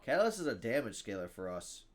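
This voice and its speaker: A young man commenting on his own card game in a loose, casual way. His voice bounces around a lot, sliding from low muttering to sudden loud outbursts. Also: quick pace. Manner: excitable, swings from mumbling to loud shouting. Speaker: game streamer.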